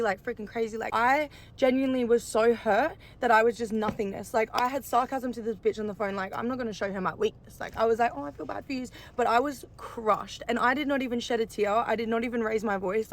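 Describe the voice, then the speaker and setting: Fast-talking woman telling a storytime. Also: a little high. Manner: rapid, chatty, peppered with "like" and swearing. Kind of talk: casual storytime while getting ready.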